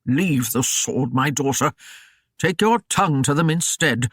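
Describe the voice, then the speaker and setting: A grumbling old father in an audiobook, sour-mouthed and dryly mocking, as the reader lowers the voice for him. He speaks slowly and deliberately. The recording is close and dry. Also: big pitch swings, a bit bright, slightly rough, dry recording, heavily acted. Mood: sour mockery. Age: older. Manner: sour, slow, dry jesting.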